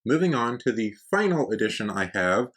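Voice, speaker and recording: A man's voice: lowish voice, big pitch swings, a little fast, a bit bright. A man hosting a book-collecting vlog, talking casually and enthusiastically as he shows off editions. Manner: enthusiastic, conversational, uses "y'all". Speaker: book collector channel host. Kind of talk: casual show-and-tell vlog.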